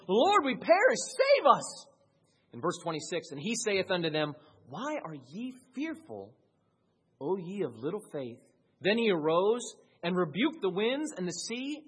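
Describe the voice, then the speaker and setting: Man, pastor preaching, husky, fairly high voice, loud peaks and hushed drops. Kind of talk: sermon.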